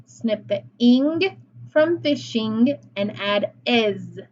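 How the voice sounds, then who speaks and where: A woman teaching a phonics lesson to young children, deliberate and encouraging, with frequent praise. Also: on the high side, lively intonation, darkish tone, muffled recording.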